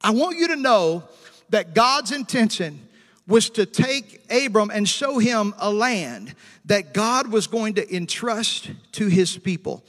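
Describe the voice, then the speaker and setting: High-voiced preacher man in a reverberant hall. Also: lively intonation, a bit bright. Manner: preachy call-and-response with amens and hallelujahs; slows down to stress scripture quotes. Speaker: pastor. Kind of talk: sermon.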